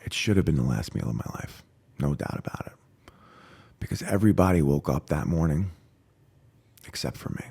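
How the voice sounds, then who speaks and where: A man guest on a podcast, telling his recovery story with animated storytelling, acting out voices and dropping to a whisper at grim moments. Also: extremely low pitch, a little fast, creaky, slightly rough. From New York. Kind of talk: emotional storytelling.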